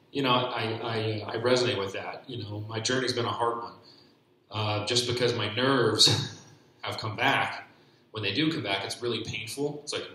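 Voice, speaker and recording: A man giving a personal faith testimony at church, speaking haltingly with many restarts and repeated fillers. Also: fairly low pitch, pushed and bright, a little hiss or hum. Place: church hall. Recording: very echoey church hall.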